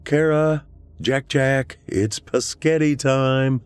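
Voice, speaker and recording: A man voicing a warm, fussing young aunt in a spoken horror story, raising his voice in pitch for her. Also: sing-song, a little slow. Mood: calling out. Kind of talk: horror audiobook reading.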